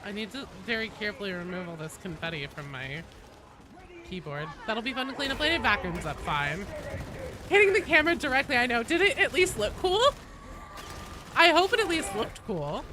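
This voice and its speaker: Excitable woman streamer with a cold, fairly high, very animated voice, noisy home setup. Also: moderate pace. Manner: excitable, exclamatory, swears and laughs often. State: has a cold. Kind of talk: live gaming stream chatter. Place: home room at a desk.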